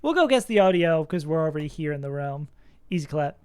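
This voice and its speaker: During a relaxed gaming stream, a young adult talks with the audience and reacts aloud to the game. The mid-range voice is smooth, a little mellow, and fairly quick, over faint background music.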